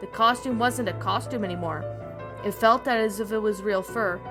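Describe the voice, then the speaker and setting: A woman narrating a creepy story in a slightly halting reading voice, with restarts, over faint background music. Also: medium pitch.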